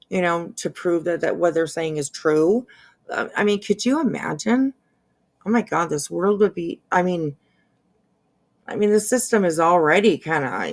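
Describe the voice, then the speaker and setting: A woman hosting casual drama commentary, rambling and hesitant with lots of fillers and restarts, and dropping sarcastic asides. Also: on the low side. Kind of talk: casual commentary over clips.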